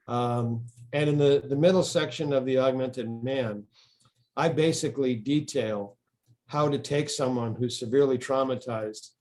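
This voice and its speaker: A man of middle pitch tells a long story in an interview, wandering from point to point and often restarting his sentences. He sounds like an author talking casually about his work. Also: moderate pace, a little mellow. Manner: rambling storyteller, frequent restarts.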